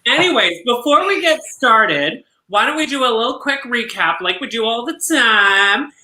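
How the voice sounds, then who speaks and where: Campy drag co-host in an echoey room. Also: male voice, very high-pitched, expressive, moderate pace, bright, forceful tone. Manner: campy, gushing, laughs a lot. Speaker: co-host of a drag review show. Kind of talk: casual live-stream chat.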